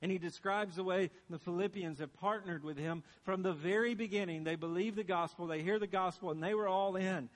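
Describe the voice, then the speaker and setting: A man's voice: high voice, fairly quick, few pauses. A man preaching a sermon to his congregation in a church, earnest and emphatic, driving his points home by repeating key phrases. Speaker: pastor.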